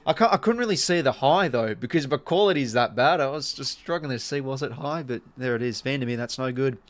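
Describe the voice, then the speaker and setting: A man's voice: medium pitch, animated, a little fast. An Australian man giving casual live play-by-play commentary on a stream, chatting to viewers between calls.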